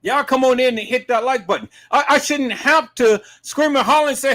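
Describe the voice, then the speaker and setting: A man hosting a live stream, giving emphatic commentary to his viewers, dropping to low murmurs and rising to shouted outbursts. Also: normal speed. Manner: emphatic, repeatedly addresses viewers as "peoples".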